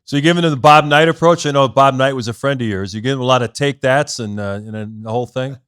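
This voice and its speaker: A man with a smooth, resonant voice, recorded dry and close. He co-hosts a podcast and sets up casual interview questions hesitantly, with fillers. His voice sits at a middle pitch for a man. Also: quick pace, fairly bright tone, no room sound.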